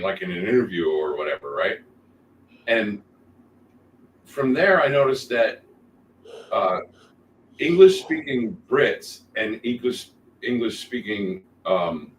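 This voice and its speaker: A man's voice: medium pitch, fairly bright tone, far from the mic. A man hosting a casual podcast chat, talking things through with examples and laughing easily. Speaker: podcast host. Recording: roomy with faint ambient noise.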